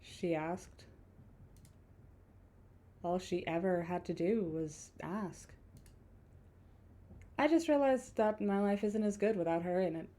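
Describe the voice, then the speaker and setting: A woman's voice: fairly low pitch, slow pace, pauses often, dark tone. A woman reading the lines of a guarded young woman driver in a video game, with a dry, wry edge. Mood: wistful.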